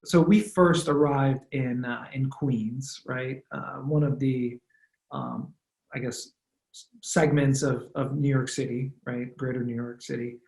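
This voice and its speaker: A man in his thirties, born in Romania, recounts his past in a relaxed, thoughtful manner, stopping often to restart a phrase. His voice sits at an average pitch. It rings with a clear room echo. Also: a little slow. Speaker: guest, former football punter. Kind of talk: casual interview storytelling.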